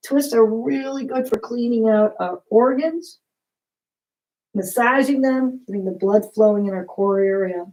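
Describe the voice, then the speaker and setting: A woman leading a yoga class, giving calm, encouraging step-by-step cues. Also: on the high side, a little slow, rough recording. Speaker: yoga instructor. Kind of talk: guided yoga class instruction.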